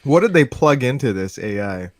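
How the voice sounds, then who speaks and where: A man's voice: medium pitch, lively intonation, normal speed, no room sound, studio quality. A man in a casual podcast chat who jokes, swears and laughs.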